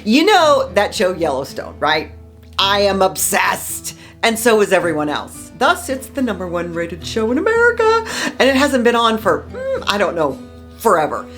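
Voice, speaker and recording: A woman's voice: mid-range voice, wildly swooping pitch, moderate pace, fairly bright tone, soft background music. A woman from Southern California hosting a local history vlog, gushing and repeating words for emphasis. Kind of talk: enthusiastic casual vlog.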